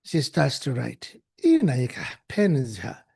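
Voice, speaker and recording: A man giving a talk and telling a story in an animated way, acting out the people in it and repeating himself for effect. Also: mid-range voice, a little slow, vocal fry, slightly rough. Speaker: guest speaker.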